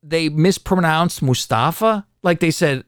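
A man co-hosting a podcast, recapping wrestling in casual, profane, animated chat. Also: on the high side, a little slow, smooth, dry recording, clean studio sound. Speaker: podcast co-host.

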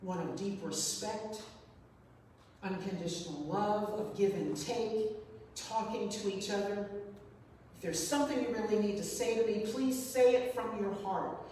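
A woman's voice: mid-range voice, measured pace, mellow. A woman shares a personal story in an earnest, reflective way, often circling back to repeat a phrase. Her voice reaches the mic from some distance in a large, echoing hall with a long reverb tail, and faint noise sits under it. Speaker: speaker sharing a personal story. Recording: echoey hall, voice from far off.

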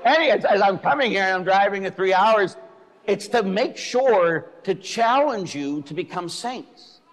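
A man, a Catholic priest, giving a blunt, animated, joking sermon to his listeners. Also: high-pitched. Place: church. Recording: echoey church hall.

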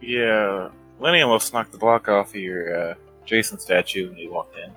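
A man's voice: on the low side, moderate pace, bright, forceful tone, faint music behind, rough recording. A man playing in a tabletop game who chats easily and asks open questions. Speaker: player. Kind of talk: tabletop role-play chat.

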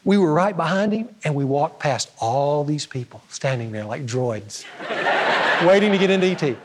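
A male pastor delivers a sermon with a fairly high voice, moving between lively, loud storytelling and quiet, emphatic moments. His voice carries a long reverb, as if recorded live in a church sanctuary. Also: moderate pace. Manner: storytelling with humor, animated swings in pitch and loudness.

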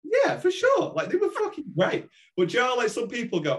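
A man's voice: extremely high pitch, wildly swooping pitch, fairly quick. A man, a comedian guest, telling holiday stories with constant swearing and lots of energy. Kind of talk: casual chat.

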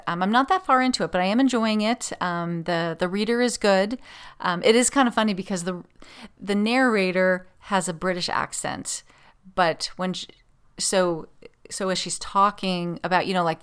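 A woman with a slightly low voice hosts her podcast from a home office at a desk. She chats casually and rambles, with plenty of ums, uhs and restarts. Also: a bit bright. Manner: chatty, rambling, many fillers and restarts. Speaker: podcast host. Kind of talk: casual chat.

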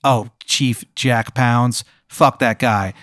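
A man voicing a gruff, grumpy police detective near retirement who talks bluntly and swears. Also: mid-range voice, fairly even intonation, slow pace, fairly bright tone, no room sound, clean studio sound. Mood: agitated. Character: gruff grumpy male candy-crimes cop near retirement.

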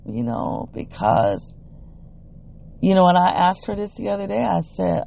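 A vlogger telling a personal family story in a reflective way, retelling what people said in animated quotes, with frequent "you know"s and restarts. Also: medium pitch, moderate pace, vocal fry.

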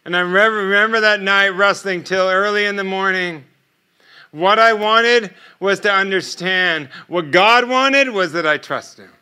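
Guest preacher, male, middle-aged: high, very bright voice, animated storyteller. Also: moderate pace, clear, resonant tone. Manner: animated storytelling with laughter and quoted dialogue. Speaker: guest speaker. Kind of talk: sermon storytelling.

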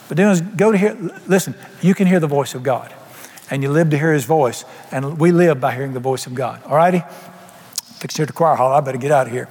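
A man's voice: on the high side, a little fast, a little mellow. Folksy preacher man in reverberant hall. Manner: folksy and humorous; colloquial plain speech. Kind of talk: sermon. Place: church sanctuary. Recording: long hall reverb, faint music.

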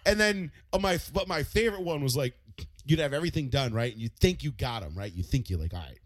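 A man co-hosting a casual podcast, talking fast and loose, swearing often and acting out other people's angry words. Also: medium pitch, no room sound. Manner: animated, swears a lot, acts out angry quotes. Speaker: podcast co-host. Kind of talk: casual profane chat.

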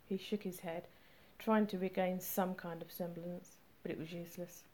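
A woman narrating an audiobook chapter in a soft, low-key way. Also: steady tone, moderate pace.

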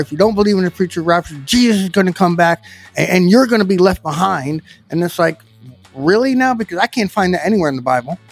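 A man giving informal Bible teaching in a plainspoken, conversational, emphatic way. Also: on the high side.

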